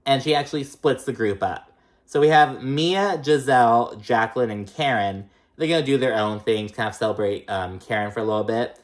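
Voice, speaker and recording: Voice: mid-range voice, moderate pace. A reality TV recap host giving a casual, gossipy episode rundown, swearing freely and packing the talk with fillers like "like" and "um". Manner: profane, filler-heavy, chatty; animated, mimics the cast in raised voices.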